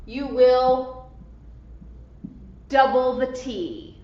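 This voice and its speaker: A woman English teacher giving a slow, deliberate grammar lesson, spelling out letters and stressing syllables carefully. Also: high-pitched, warm tone. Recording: echoey room, dull lo-fi sound.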